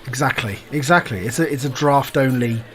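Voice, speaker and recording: A man co-hosting a casual podcast, making relaxed, matter-of-fact remarks. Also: medium pitch, fairly quick. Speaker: podcast co-host.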